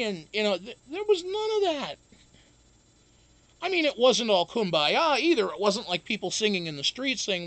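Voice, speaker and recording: A man with a high voice and a gravelly, creaky edge. He chats casually on a live stream, rambling and swearing freely, often breaking into laughs. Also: very animated, moderate pace, a bit bright, dry recording. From United States. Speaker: show host.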